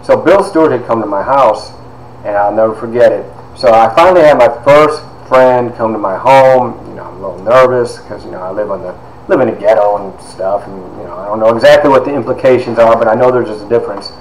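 A man in his fifties from Ohio, telling a personal story in an animated way with lots of quoted dialogue and fillers. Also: lowish voice, a little fast. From Ohio, USA. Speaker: podcast host and author. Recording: echoey room with faint background noise.

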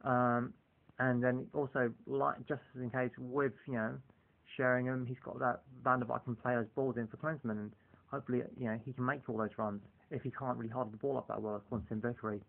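A man's voice: medium pitch, flat delivery, brisk, creaky. A man talking casually in a rambling monologue, filling his sentences with "you know" as he talks football. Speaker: football fan vlogger. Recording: tinny phone-like lo-fi audio.

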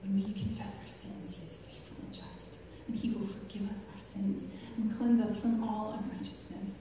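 Woman speaker, chatty testimony with frequent laughs, mid pitch, distant mic with faint noise. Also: fairly even intonation, normal speed. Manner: chatty, laughs often at her own stories. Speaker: speaker giving a personal faith testimony. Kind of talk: testimony talk to a live audience. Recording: echoey hall from far off, faint noise.

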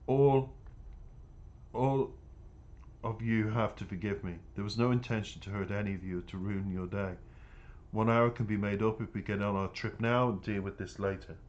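A man's voice: lowish voice, fairly even intonation, normal speed, highs cut off, close to an everyday voice. A man voicing a remorseful boy who pleads and apologizes in a distraught tone in a storybook reading. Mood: pleading.

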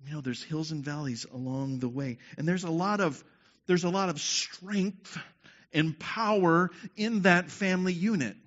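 A man preaching a sermon walks his congregation through a group exercise, frequently pausing to ask "okay?" This pastor's voice is on the high side and a little slow, captured in dull lo-fi sound.

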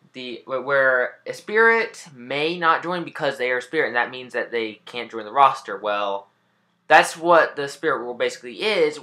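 Male reaction vlogger, mid-pitched, very animated delivery, music bed behind. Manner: expressive, swings from chatty explaining to loud excited yelling. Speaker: video game reaction channel host. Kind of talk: reaction vlog.

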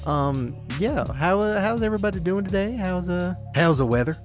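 A man's voice: high-pitched, animated, moderate pace, over music. A man hosting a casual podcast, laughing often and playful, at times slipping into a country drawl. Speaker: podcast host. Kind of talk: casual chat.

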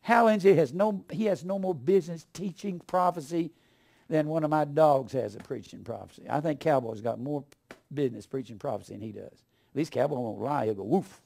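Older man, preacher, gravelly voice, slightly high pitch, scornful ranting sermon, mutters then shouts. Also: brisk. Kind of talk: fiery sermon.

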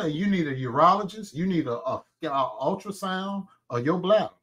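Lively laughing man cracking up. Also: sits high, a little fast. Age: older. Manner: loud laughing outbursts, mock prayers. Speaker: co-host. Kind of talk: casual commentary chat.

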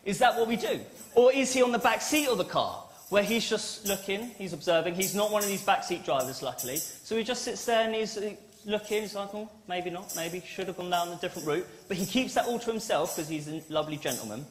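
A man's voice: sits high, lively intonation, brisk, soft background music. A man preaching a family-service sermon in a church, playful and given to acting out little dialogues.

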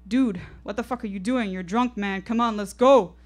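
A woman's voice: mid-range voice, a little fast, natural voice. A woman performing a nervous young man who begs his drunk friend to stop, in a live storytelling piece. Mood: urgent, anxious. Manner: anxious, pleading, cursing under breath.

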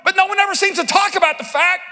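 A middle-aged man preaching from a stage in a large conference hall, his voice notably high and bright. He tells the story with humor and bursts into shouted lines. A long hall reverb trails each phrase. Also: quick pace. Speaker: pastor. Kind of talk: sermon.

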